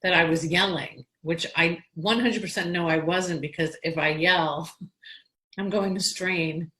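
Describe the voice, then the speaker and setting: A woman's voice: on the low side, fairly even intonation, a little slow, fairly bright tone, poor audio. A woman from Long Island, New York, hosting a casual interview, chatty and telling stories with frequent restarts. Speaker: podcast host.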